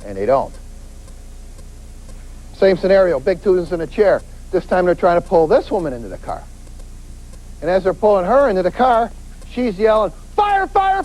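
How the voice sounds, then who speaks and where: Animated man giving a street-safety lecture. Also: high-pitched, a little fast, rough recording. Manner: animated, acts out quoted voices, emphatic repetition. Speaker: police detective giving a safety talk. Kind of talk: lively crime-prevention lecture.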